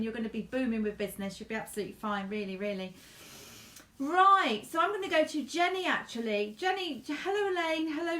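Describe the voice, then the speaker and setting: A woman's voice: sits high, echoey room. A woman doing a live medium reading, chatty and gushing, calling viewers darling and honey. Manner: warm, chatty, endearments to viewers; gushing, repetitive phrasing. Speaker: psychic medium.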